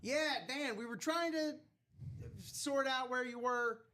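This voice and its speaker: A man hosting a live sports memorabilia break stream, chatting casually with slangy, animated asides. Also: very high voice, slow pace, slight background noise.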